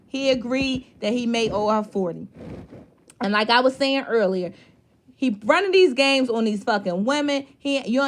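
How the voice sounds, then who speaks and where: Woman recap host; blunt, cussing, exasperated. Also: a little high. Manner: blunt, profane, exasperated ranting. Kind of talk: casual recap commentary.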